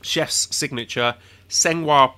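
A man's voice: medium pitch, takes it slowly, bright, forceful tone, clean tone. A man co-hosting a casual podcast, asking wry questions and chatting about snacks. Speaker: podcast co-host.

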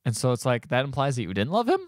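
A man hosting a podcast, retelling a movie plot in a casual, animated way, swearing and laughing as he talks. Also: mid-range voice, quick pace, no echo, studio quality. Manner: animated storytelling, swears freely, laughs while talking. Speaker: podcast host.

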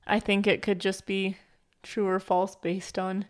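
A woman's voice: medium pitch, flat delivery, a little slow. A young adult woman co-hosting a book club podcast, chatting casually with a giggly manner and lots of "like" fillers. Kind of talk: casual chat.

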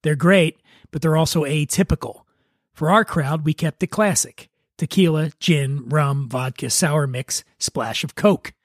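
A man hosting a podcast, reading a story aloud in a relaxed, wry manner. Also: fairly high pitch, unhurried, no echo, clean studio sound. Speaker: podcast host.

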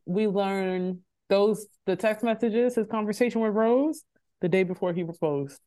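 A woman's voice: medium pitch, unhurried, warm tone. A woman co-hosting a casual chat, reacting with slang and frequent laughter. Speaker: podcast co-host. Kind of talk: casual chat recapping a reality show.

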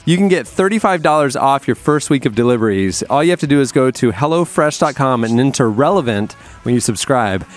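Man, podcast host, studio, chatty, enthusiastic, middle pitch, faint music behind. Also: animated, brisk, few pauses. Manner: chatty, enthusiastic storyteller with restarts. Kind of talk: casual chat and host-read ad.

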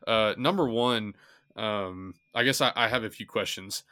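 A man with a lowish, bright voice hosts a relaxed podcast chat, recorded dry and close. He chimes in with quick affirmations and works his way slowly into questions. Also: clean tone, no room sound. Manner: easygoing, affirming, hesitant with fillers when asking. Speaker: podcast host. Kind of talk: casual interview chat.

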